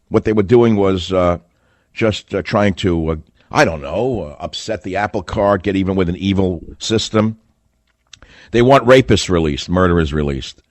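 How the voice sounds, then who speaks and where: Combative, sarcastic low-voiced man. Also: no echo. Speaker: radio talk show host. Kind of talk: talk radio monologue.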